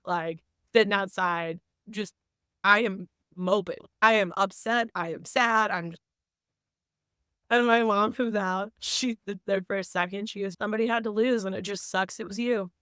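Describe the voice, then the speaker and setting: Young woman guest, smooth voice, candid storyteller, casual podcast talk. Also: medium pitch, a little slow, pushed and bright, dry recording. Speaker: guest, teacher and coach.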